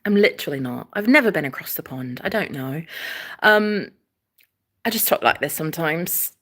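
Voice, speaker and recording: This young woman has a deep voice and talks at a normal speed as she recounts something that happened to her. She's casual and animated, swears freely, and acts out what others said.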